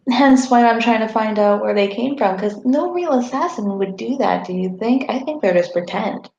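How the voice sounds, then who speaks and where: A woman voicing a calm, wry female elf traveler at a tabletop game, speaking in a measured, polite way. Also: a little high, creaky, a little hiss or hum. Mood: earnest. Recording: echoey room, muffled mic.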